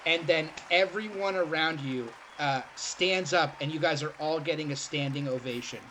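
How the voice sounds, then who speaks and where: A man narrating as game master in a tabletop game, slow and hesitant with many fillers. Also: fairly high pitch, pushed and bright, a little hiss or hum.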